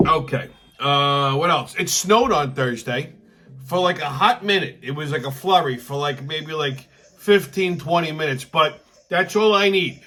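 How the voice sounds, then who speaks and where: A man's voice: mid-range voice, a bit bright. Profane, rambling New man. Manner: profane, rambling, with frequent restarts. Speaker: channel host. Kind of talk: casual vlog monologue.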